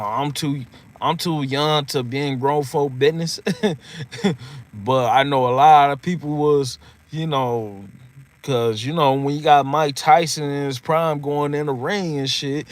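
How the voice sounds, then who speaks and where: A man's voice: on the high side, no room sound. A man in his thirties telling old stories in a casual monologue, laughing often and swearing freely. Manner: animated, laughs often, swears freely, repeats "you know what I mean". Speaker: vlogger.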